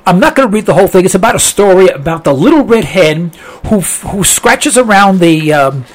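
A man's voice: high voice, lively intonation, fairly quick. A man hosting a talk show, rambling conversationally as he reads listener mail, with many fillers and restarts. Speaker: radio talk show host. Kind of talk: casual monologue reading listener mail.

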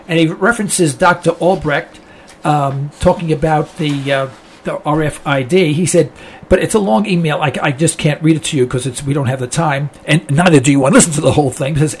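A high-pitched man hosts a talk program in a loose, rambling monologue. He reads through listener mail with plenty of fillers and restarts, keeping it conversational. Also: moderate pace, slight background noise. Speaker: radio talk show host.

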